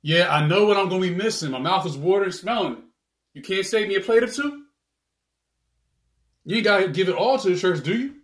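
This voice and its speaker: A man's voice: high voice, lively intonation, fairly quick, pauses often, reverberant. A man acting a monologue in casual slang, bargaining with his aunt. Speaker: monologue actor. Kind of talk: theatrical monologue.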